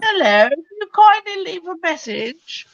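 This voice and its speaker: High-voiced woman joking on dull mic. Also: very animated, a little slow, dry recording. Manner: chiming in with short jokes. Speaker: panel guest.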